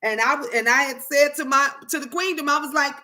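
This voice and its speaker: A middle-aged woman hosting a tarot live stream, chatting casually and answering viewers' comments in a lively way. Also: sits high, moderate pace, few pauses.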